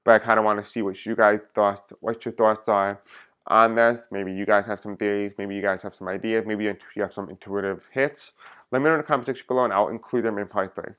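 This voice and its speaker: Low-voiced man chatting as a tarot reader. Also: steady tone, a little fast, a bit bright, smooth, muffled recording. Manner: chatty, addresses viewers directly. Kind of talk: casual vlog talk to viewers.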